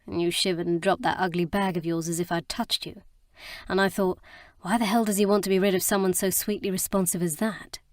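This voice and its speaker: A woman voicing a gruff, brooding male romantic hero in an audiobook, speaking low and soft. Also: steady tone, a little fast, dry recording, clean studio sound, natural voice. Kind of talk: audiobook character reading.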